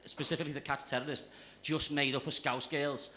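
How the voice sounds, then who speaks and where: A man's voice: on the high side, level tone, a little fast, sharp tone. Young male stand-up with a Liverpool accent, sweary and brash, on a club stage mic with faint noise. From Liverpool area, England. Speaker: stand-up comedian. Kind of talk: stand-up set.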